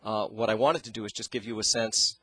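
A man teaching singing as an interview guest, talking in a halting way and searching for his words into a handheld microphone. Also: lowish voice, fairly even intonation, bright, forceful tone, breathy edge. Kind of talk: explaining with sung demonstrations.

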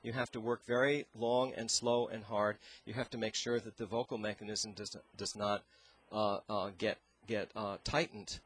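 A man teaching singing as an interview guest, talking in a halting way and searching for his words into a handheld microphone. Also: lowish voice, flat delivery, fairly bright tone, husky. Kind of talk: explaining with sung demonstrations.

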